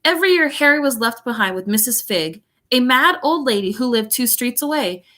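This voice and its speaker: Woman teacher, read-aloud, giggly asides, bright lively voice. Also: on the high side, fairly quick. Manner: giggly, chatty, playful asides.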